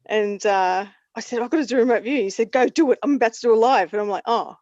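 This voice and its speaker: A woman speaks fast at medium pitch as a guest on a video call, with no echo but dull, dry audio. Chatting casually, she tells lively stories and laughs frequently.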